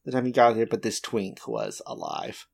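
A game master casually running a tabletop game, explaining rules with a few pauses and fillers. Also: medium pitch, huge pitch swings, gravelly. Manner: laid-back, explains rules with hesitations.

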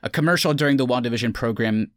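A man's voice: medium pitch, fast talker, no room sound, clean studio sound. A man hosting a casual podcast, recapping an episode and chatting loosely with friends. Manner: recaps plot then chats loosely with friends. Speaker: podcast host.

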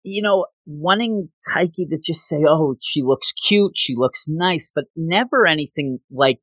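A man casually recapping a manga chapter with a co-host, rambling and quickly acting out the characters' lines. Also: a little high, fairly bright tone, husky, no room sound.

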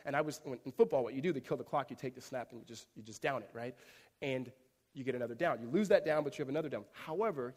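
A man preaching a sermon as pastor, telling a story with growing energy and then dropping to a soft, close tone. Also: fairly high pitch. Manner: animated storytelling, rising loud in climaxes, hushed in tender moments. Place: church sanctuary. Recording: reverberant church hall.

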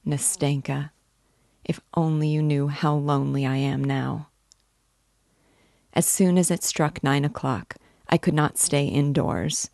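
A woman giving a gentle, measured reading of a classic novel. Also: deep voice, gravelly, dry recording, studio quality. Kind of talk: audiobook-style literary reading.

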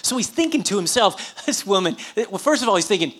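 Woman, preacher, sermon, animated storytelling, audience prompts, mid pitch. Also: brisk, few pauses.

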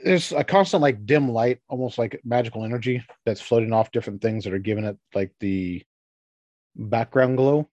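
A man in the game master's seat, describing the scene in a casual, wandering way. His voice sits at an ordinary middle pitch and is recorded close and dry, with no room sound. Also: moderate pace, darkish tone, no echo, highs cut off. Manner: loose, rambling with frequent fillers. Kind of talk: narrating a tabletop game.

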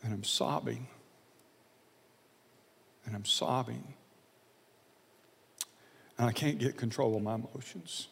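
A man preaching a sermon, telling a personal story in an earnest, confessional way, often halting and repeating words. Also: medium pitch, gravelly, a bit bright, breathy edge, in a large hall.

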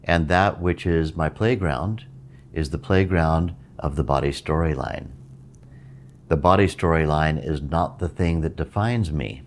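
A middle-aged man, a meditation teacher, giving a reflective spoken talk in a measured way, repeating phrases for emphasis. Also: very deep voice, a little hiss or hum.

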